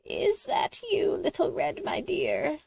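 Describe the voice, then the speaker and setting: A woman voicing a cheerful, plucky old grandmother in a storybook read-aloud, high and chirpy. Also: wildly swooping pitch, slow, vocal fry, darkish tone, dry recording, heavily acted. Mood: sweet. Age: older.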